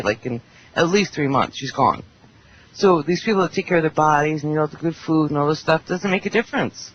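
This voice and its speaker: A woman chatting bluntly and at length on a roundtable talk show. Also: deep voice. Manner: blunt, talkative, quotes people in animated voices. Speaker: panelist. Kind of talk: casual roundtable chat. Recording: dull internet radio with faint hiss.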